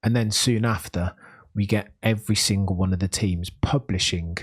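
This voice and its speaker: Birmingham-born guy hosting a podcast, lowish voice, earnest and explaining things. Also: fairly even intonation, moderate pace. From Birmingham, England. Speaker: podcast host. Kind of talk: casual podcast commentary.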